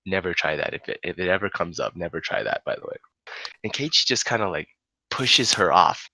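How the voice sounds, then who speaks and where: A young man with a low, husky voice tells a rowdy party story to friends, his pitch leaping around as he builds the jokes. His tone is bright and cutting, and the sound is dry and close. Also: fairly quick, no room sound. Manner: animated, profane, laughs often. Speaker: storyteller on a podcast. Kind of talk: casual storytelling among friends.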